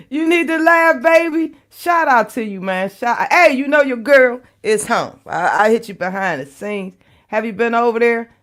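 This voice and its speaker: Laughing, slow-talking woman livestream host. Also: mid-range voice. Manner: laughs often, playful and loose, calls viewers y'all and baby. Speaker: online commentary show host. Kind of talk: casual livestream chat with viewers.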